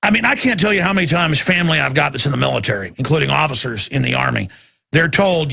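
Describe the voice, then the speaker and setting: A man hosting a talk radio show, ranting intensely in a rambling monologue that climbs to loud, excited peaks. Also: on the high side, brisk, gravelly.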